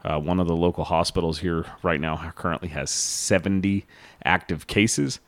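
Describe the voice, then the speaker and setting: A man's voice: deep voice, fairly even intonation, normal speed. Laid-back, swearing podcast guy. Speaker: podcast co-host. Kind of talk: casual chat.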